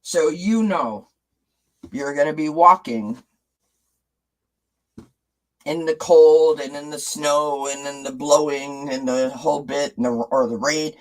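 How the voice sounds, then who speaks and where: A man's voice: a little high, takes it slowly, long pauses, poor audio. A man hosting a casual live stream, chatting with viewers, reading out their comments and asking them rhetorical questions, often restarting his sentences.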